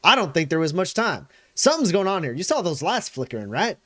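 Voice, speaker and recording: A man voicing a gruff male soldier who blusters and swears while pushing his bluff. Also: sits high, very animated, fast, bright, forceful tone, no room sound, studio quality, voice pushed up, exaggerated voice. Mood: blustering.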